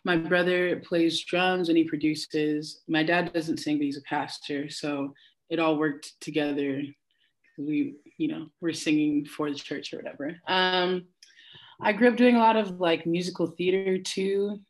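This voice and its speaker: A woman's voice: sits low, fairly even intonation, a little slow. A young woman, a singer and worship leader, talking as a guest in a casual interview over a video call, chatty and given to laughter as she tells stories.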